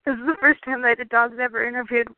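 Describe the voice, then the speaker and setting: A woman's voice: fairly high pitch, steady tone, fast, no echo. Giggly Michigan woman on a call. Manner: giggly, reads out viewer questions. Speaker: interviewer. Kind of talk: casual online interview. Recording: dry tinny phone-like call audio.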